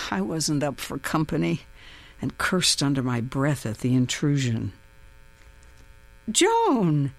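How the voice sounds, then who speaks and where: A woman reading a first-person story aloud as an audiobook, expressive and tense in the suspenseful parts. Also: very deep voice, unhurried, gravelly. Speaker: audiobook narrator.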